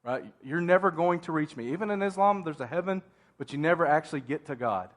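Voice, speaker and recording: A man's voice: fairly high pitch, lively intonation, quick pace. Man preaching a conversational sermon. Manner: conversational preaching with asides and restarts. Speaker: pastor. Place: church.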